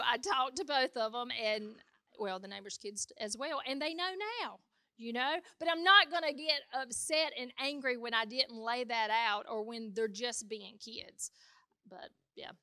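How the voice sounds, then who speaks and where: A female pastor, telling family stories in an animated, chatty way during a conversational sermon. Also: sits high, no echo, clean studio sound.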